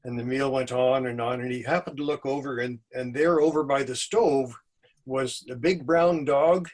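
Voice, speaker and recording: A man hosting a storytelling event, telling a folk tale in an unhurried, wry, folksy way. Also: mid-range voice, fairly even intonation, a little mellow. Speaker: storytelling host.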